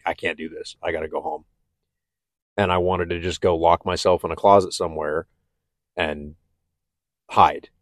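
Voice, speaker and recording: Low-voiced man talking candidly. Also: no echo, studio quality. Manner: candid, halting, many restarts. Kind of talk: personal reflective talk.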